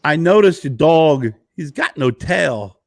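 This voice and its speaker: A man doing an impression of an eccentric older actor, with halting pauses and strange deadpan logic. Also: fairly high pitch, creaky, no room sound, studio quality, voice pushed up. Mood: bizarre deadpan.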